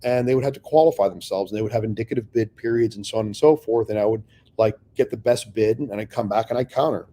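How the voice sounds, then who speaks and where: A man with a dark, mellow voice tells his business stories with blunt, profane candor. He talks in a loose, conversational way, breaking into the voices of people he once argued with. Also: on the low side, fast. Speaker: real estate investor guest. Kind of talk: candid conversational storytelling.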